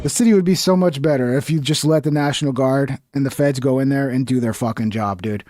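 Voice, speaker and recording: A man's voice: mid-range voice, brisk, darkish tone. A young man giving heated, profane commentary while reacting to news clips. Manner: heated, profane, exasperated ranting.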